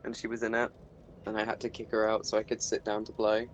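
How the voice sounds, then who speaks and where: A man's voice: fairly low pitch, monotone, quick pace, dull audio, slight background noise. A man chatting casually over voice chat while playing a video game, laughing often. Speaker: channel host and gamer. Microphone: desktop mic on voice chat.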